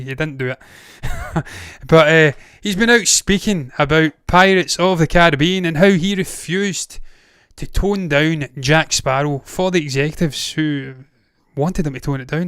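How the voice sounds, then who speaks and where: A man's voice: a little high, normal speed, a bit bright, smooth, no room sound, clean studio sound. A Glaswegian-accented Scottish man hosting a movie news show, ranting casually with blunt swearing and frequent digressions. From Scotland. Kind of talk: casual opinionated commentary.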